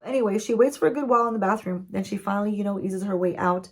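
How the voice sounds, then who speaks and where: A woman's voice: medium pitch, quick pace. A woman, a beauty vlogger, recapping a TV show story-time style while doing her makeup, chatty and playful with asides to the viewers.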